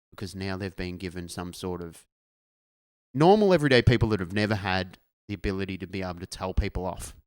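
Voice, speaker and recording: A man's voice: lowish voice, smooth, dry recording. A man, co-hosting a casual podcast and ranting bluntly with lots of swearing. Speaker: podcast co-host. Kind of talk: casual chat.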